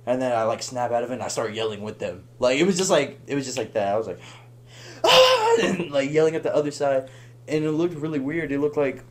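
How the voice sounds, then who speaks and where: A young man telling a long story on a podcast in a casual, animated way, laughing and acting out the voices of the people in it. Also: medium pitch, fast talker, a little hiss or hum. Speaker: podcast guest.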